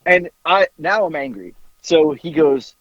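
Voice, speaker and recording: A man on a podcast telling a casual story, animated, acting out bits of dialogue and swearing casually. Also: fairly high pitch, a little slow, dry recording, highs cut off. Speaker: podcast co-host.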